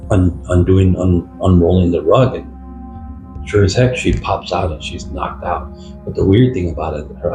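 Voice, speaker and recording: An older man, a retired police officer, recounting an experience from his career in a rambling, halting way with many fillers. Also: low voice. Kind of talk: storytelling interview. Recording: roomy echo with faint music.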